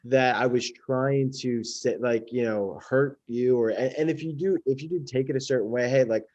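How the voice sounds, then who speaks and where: Man, comedian guest, mellow tone, muffled lo-fi sound, casual talk. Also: medium pitch, normal speed, few pauses. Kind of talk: casual chat.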